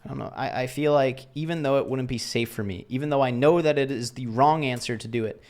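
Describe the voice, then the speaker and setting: A man's voice: medium pitch, fast, darkish tone. A young man casually telling a story to camera in a rambling, self-deprecating way, acting out the voices of the people he quotes. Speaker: vlogger.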